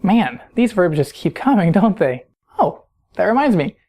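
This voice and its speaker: A woman's voice: medium pitch, big pitch swings, moderate pace, dark tone. A woman teaching a recorded grammar lesson, patient and explanatory, often putting questions to the listener. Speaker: Spanish teacher.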